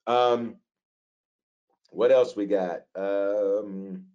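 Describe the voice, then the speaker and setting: A man teaching as a pastor, reading out listener questions and answering them in a conversational, animated preaching manner. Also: lowish voice, extremely slow, highs cut off.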